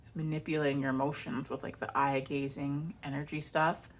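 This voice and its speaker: Quiet suspicious ex-boyfriend, low murmured warnings, put on by a woman. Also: level tone, fairly quick, a little hiss or hum. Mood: hushed worry. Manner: hushed, low, half-whispered warnings.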